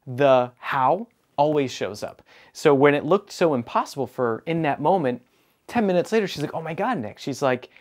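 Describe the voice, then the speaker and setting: A man's voice: on the high side, lively intonation, moderate pace. A man who is a business coach, telling a client story with energy and acting out bits of quoted dialogue. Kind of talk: storytelling monologue.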